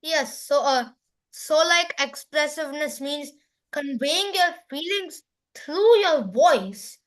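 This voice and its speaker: A young student answering the teacher's question in class, hesitating with many fillers. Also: female voice, sits high, lively intonation, slow pace, fairly bright tone.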